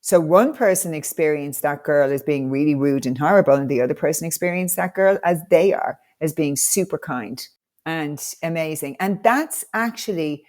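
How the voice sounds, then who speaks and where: A woman's voice: deep voice, normal speed, a little mellow. A woman coach, a podcast guest, telling stories with enthusiastic, motivational energy. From Ireland. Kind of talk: conversational podcast interview.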